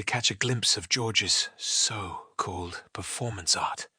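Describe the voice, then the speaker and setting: A man narrating a fan fiction story with an expressive, lively reading. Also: on the low side, unhurried, hardly any pauses, husky, no room sound, clean studio sound.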